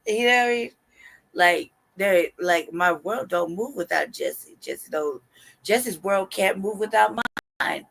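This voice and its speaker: Black woman on a live stream, gravelly voice, joking and talking trash, laughs a lot. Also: mid-range voice, a little slow, a bit bright. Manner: laughing, playful boasting, trash talk. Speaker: co-host of a live stream talk show. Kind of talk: casual live-stream chat.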